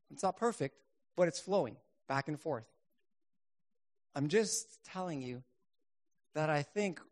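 A middle-aged man with a fairly high-pitched voice preaches a sermon and shares his personal testimony. He speaks earnestly, rising into emphatic bursts before falling quiet again.

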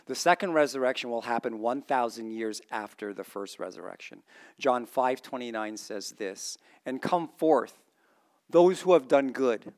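A man preaching a sermon, reading scripture aloud and quizzing his congregation, swinging from excited exclamations to quiet earnest emphasis. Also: medium pitch. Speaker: pastor.

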